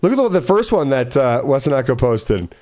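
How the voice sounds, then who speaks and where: A man's voice: medium pitch, sing-song, fairly quick, darkish tone. A man in casual chat, telling loose stories with lots of swearing and laughter. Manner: rambling storyteller, swears a lot, laughs often.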